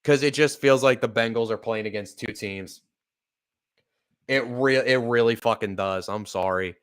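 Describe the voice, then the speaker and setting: Smooth-voiced man calling plays live. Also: mid-range voice, moderate pace. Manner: swearing, apologetic and upset, bursts of excitement on plays. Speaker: play-by-play podcast host. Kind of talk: live fan play-by-play commentary.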